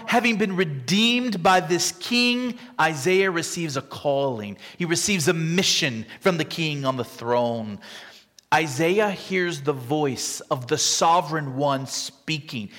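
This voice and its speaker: A man preaching a sermon, dramatic and vivid, acting out the scripture quotes with big shifts between loud and quiet. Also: fairly high pitch. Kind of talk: expository sermon. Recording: long reverb from a large hall.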